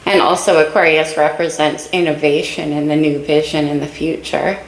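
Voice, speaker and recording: Breathy, gravelly tarot reader woman. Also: low-pitched, flat delivery, moderate pace, echoey room, poor audio. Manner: dreamy, musing, talks to viewers directly. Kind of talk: casual spoken tarot reading.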